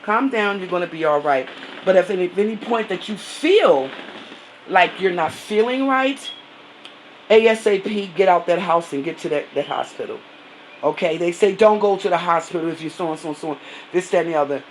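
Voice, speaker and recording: A woman vlogger giving an encouraging, preacherly message in an informal, repetitive way, with many fillers and drawn-out phrases. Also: fairly low pitch, slight background noise, low-quality recording.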